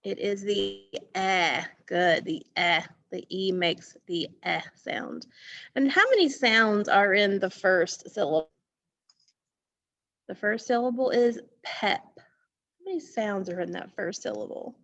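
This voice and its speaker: A woman's voice: mid-range voice, expressive, slow, vocal fry, a bit bright, highs cut off. A woman teacher giving an online phonics lesson from a school music room, patiently repeating words and asking questions.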